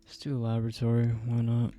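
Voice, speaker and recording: A man's voice: medium pitch, monotone, a little fast, dark tone. A man giving casual let's-play commentary, thinking aloud, rambling and self-deprecating, often laughing at himself. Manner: thinks aloud while playing. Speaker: gameplay streamer.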